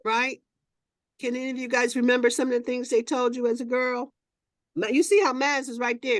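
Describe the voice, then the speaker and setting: A woman hosting with a voice a little above the middle in pitch. She moves from measured, reflective reading into easy, animated talk. The sound is dry and close-miked. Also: no echo. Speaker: host. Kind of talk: reading a passage, then casual group chat.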